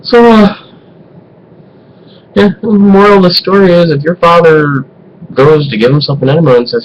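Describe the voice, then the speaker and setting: Animated man telling a comic story. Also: on the high side, normal speed, pauses often, dull audio. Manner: animated, swings from loud to hushed, profane. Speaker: vlogger.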